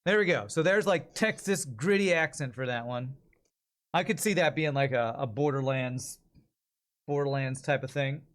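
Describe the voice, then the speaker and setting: A man chatting casually on a live stream as he works on voice-over recordings, thinking out loud and asking viewers for feedback. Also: medium pitch, normal speed.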